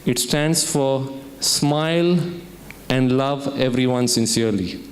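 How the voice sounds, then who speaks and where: A man's voice: medium pitch, slow. A man from India speaking as a keynote speaker at a student summit, telling a story and asking the audience questions. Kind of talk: motivational talk with storytelling. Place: lecture hall at a student summit.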